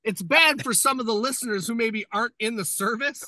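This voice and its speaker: A man's voice: very high-pitched, brisk, pushed and bright, no room sound. A man co-hosting a firefighter podcast, explaining the job earnestly in casual chat.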